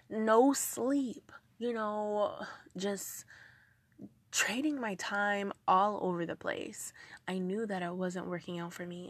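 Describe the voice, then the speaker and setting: Young woman, motivational talk, earnest and emphatic, slow deliberate delivery, dry close sound. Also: mid-range voice, no echo. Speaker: motivational speaker.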